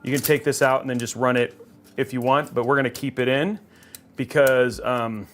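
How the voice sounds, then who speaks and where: A man's voice: mid-range voice, fairly even intonation, normal speed, a bit bright, a little hiss or hum. A man hosting a live PC-building stream from a studio. He chats casually and cheerfully and rambles with plenty of fillers. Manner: chatty, upbeat, rambling with fillers. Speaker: livestream host building a PC.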